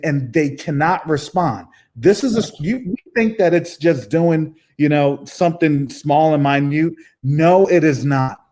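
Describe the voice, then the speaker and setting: A man's voice: on the high side, a little mellow. A man giving fervent religious commentary, emphatic and preaching, often repeating his phrases for force.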